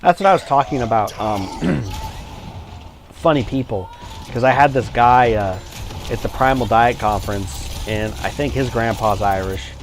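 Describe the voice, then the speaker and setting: A man's voice: medium pitch, unhurried, a little hiss or hum. A man livestreaming a game, chatting casually and rambling between reactions to the play. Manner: rambling, many fillers and restarts, reacts to gameplay. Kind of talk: casual chat while gaming.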